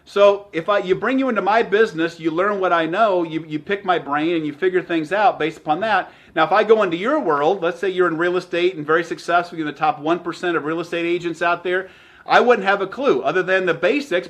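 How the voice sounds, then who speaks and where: A man giving an energetic motivational talk as a sales trainer, emphatic and repeating his phrases. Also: high-pitched.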